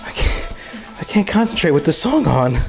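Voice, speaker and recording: A man's voice: on the high side, sing-song, moderate pace, vocal fry, faint music behind. A young man hosting a casual cooking livestream, joking and chatting with his viewers as he cooks. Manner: playful, joking, talks to chat viewers.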